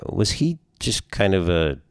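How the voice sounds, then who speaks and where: Very deep-voiced man interviewing. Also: big pitch swings, measured pace, clear, resonant tone, no room sound, studio quality. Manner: curious, engaged questioner. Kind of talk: conversational interview.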